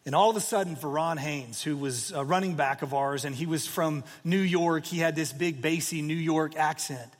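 A pastor in his forties, his voice fairly high for a man, preaches a sermon as a loose, conversational story, relying on "you know" and "like." He keeps a moderate pace with hardly any pauses, and a long reverb suggests a large hall.

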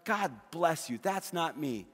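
A middle-aged male pastor preaching, his voice sitting a little high for a man. He tells homey stories with humor, stumbling over repeated words as he goes. The sound carries a long reverb from a big hall. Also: expressive, measured pace, a bit bright, slightly rough. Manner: storytelling with humor, frequent repeated restarts. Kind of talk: sermon.

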